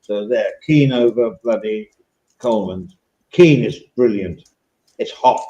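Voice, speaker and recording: A man's voice: fairly low pitch, unhurried, warm tone, roomy sound, highs cut off. An English man hosting a casual podcast chat, rambling and swearing now and then. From England. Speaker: podcast host.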